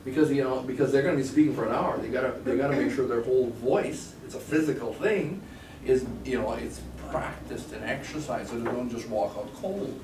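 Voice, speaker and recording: A man leads a live sales training session, speaking in a chatty way and quizzing his students with questions. He is picked up from a distance in a reverberant room, with a clear layer of background noise under his voice. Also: mid-range voice, fairly quick. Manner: conversational, quizzes the class with questions. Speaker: real estate sales trainer. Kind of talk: live class teaching.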